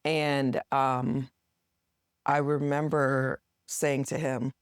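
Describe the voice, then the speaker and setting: Middle-aged woman, podcast guest, expressive storyteller, mid pitch, dry close sound. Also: drawn-out words, clear, resonant tone, dry recording. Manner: animated, acts out quotes with rising pitch. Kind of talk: casual storytelling interview.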